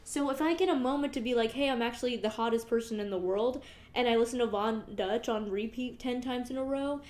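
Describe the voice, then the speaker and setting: A woman's voice: a little high, darkish tone. Chatty, foul-mouthed young woman podcaster. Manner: chatty, rambling, swears freely, laughs often. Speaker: podcast host. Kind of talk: casual solo podcast monologue.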